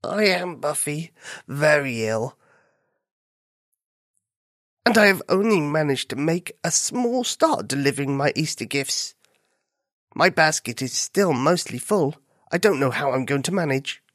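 A man's voice: on the high side, animated, a little slow, long pauses, fairly bright tone, no echo, clean studio sound. A man doing a sick, sniffly bunny. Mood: weary. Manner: weary, sniffly and subdued. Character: sick, miserable male bunny.

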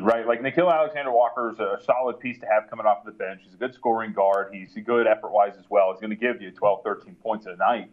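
A man talks through sports betting picks at a brisk pace, with plenty of fillers along the way. His audio sounds dull and lo-fi. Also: mid-range voice. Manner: rapid, filler-heavy analysis. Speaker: NBA analyst.

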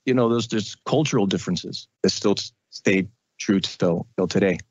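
A man who is a radio and podcast host, talking casually in an interview and telling animated stories. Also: on the low side, normal speed, dull audio, music in the background. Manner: animated storytelling, mimics relatives.

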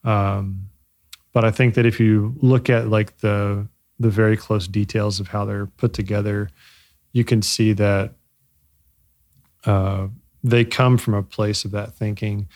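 Low gravelly man, halting and reflective. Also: little pitch movement, a little mellow. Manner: halting, many fillers and restarts; reflective, searching for words. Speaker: bike company co-founder. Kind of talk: casual interview.

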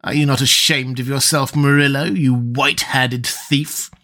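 A man voicing a cunning, calm older priest, speaking in a measured, slow way. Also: medium pitch. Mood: mocking. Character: cunning older male priest, cool and sly. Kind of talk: audiobook character reading.

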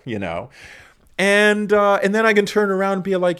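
A man's voice: high voice, animated, moderate pace, fairly bright tone, smooth. A man talking casually as a guest scholar, profane and self-mocking, telling stories with plenty of swearing. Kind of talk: casual conversation.

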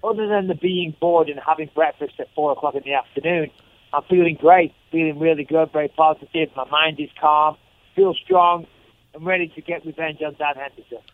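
A man's voice: a little high, fairly even intonation, brisk. A man, a fighter calling in for a casual interview, swearing freely and joking in an upbeat way. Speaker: fighter guest on the phone. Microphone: phone. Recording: tinny phone line.

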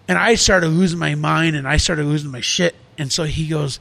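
A man's voice: on the high side, normal speed, gravelly, a bit bright, no room sound. Earnest man rambling in casual talk. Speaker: restaurant owner. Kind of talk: casual podcast conversation.

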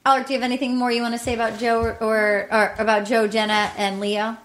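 A woman hosting a casual podcast chat, excitable and quick to quote others. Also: on the high side. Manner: excitable, quotes people in put-on voices. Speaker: podcast host.

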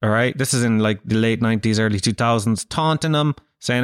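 A man's voice: mid-range voice, fairly quick, clear, resonant tone, dry recording, clean studio sound. A man with an Irish accent hosting a podcast, rambling through a crude comedic monologue, swearing freely and laughing at his own jokes. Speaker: podcast host.

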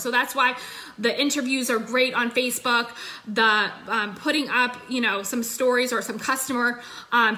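Her pitch is fairly high and her tone sharp as this young adult woman chats into her phone. She's running a casual, upbeat livestream on sales coaching, peppered with fillers.

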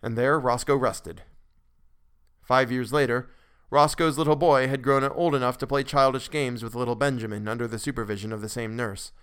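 A man narrating a classic story for a podcast in a measured way, with occasional restarts. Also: medium pitch, steady tone, a bit bright, clear, resonant tone.

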